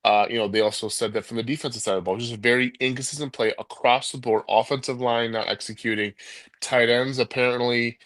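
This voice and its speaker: A man's voice: medium pitch, fairly even intonation, fast, fairly bright tone, dry recording. A man co-hosting a sports call-in show, talking casually and rambling with many restarts and laughs.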